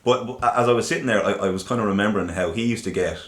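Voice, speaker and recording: A man's voice: fairly low pitch, racing. A man with an Irish accent interviewing, asking long rambling questions with restarts. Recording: echoey room.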